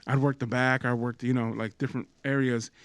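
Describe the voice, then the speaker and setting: An animated man, co-hosting a podcast with emphatic, slangy casual chat. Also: medium pitch, brisk, clean tone, dry recording. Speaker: podcast co-host.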